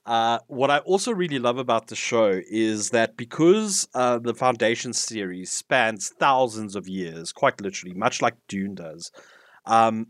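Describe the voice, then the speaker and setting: A man with a fairly low voice gushes about a show in casual podcast chat. His words tumble out with ums and restarts. The sound is dry and close, with no room around it. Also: a bit bright, no room sound. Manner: enthusiastic, many fillers and restarts. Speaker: podcast co-host reviewing TV.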